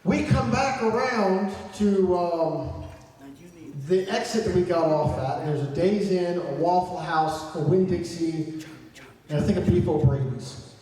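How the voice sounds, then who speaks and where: A man's voice: high-pitched, a little slow. A young man telling a profane, comedic story at a convention panel, swearing constantly and putting on voices for his friends. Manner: heavy swearing, animated voices for quoted friends. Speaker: audience storyteller. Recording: echoey hall, distant mic.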